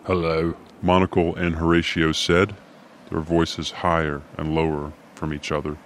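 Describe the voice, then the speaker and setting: A man narrating a whimsical story with dry, deadpan humor. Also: a bass voice, normal speed, a little hiss or hum.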